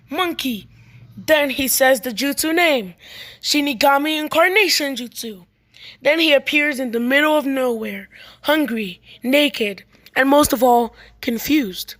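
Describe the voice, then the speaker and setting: A woman with a high voice reads a homemade fan story aloud. Her delivery is plain and unpolished, with frequent stumbles and restarted lines. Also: fairly bright tone.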